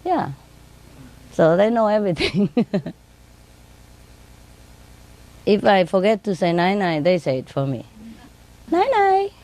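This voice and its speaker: A woman speaking English with non-native grammar, telling laughing stories about her birds and mimicking them in a high voice. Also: expressive, normal speed, a little mellow. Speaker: bird owner telling stories. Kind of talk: casual storytelling.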